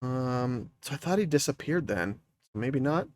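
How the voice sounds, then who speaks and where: A man's voice: mid-range voice, animated, measured pace, a little mellow, slight background noise. A man streaming a let's play, casually thinking aloud as he reads through the story. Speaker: gaming streamer.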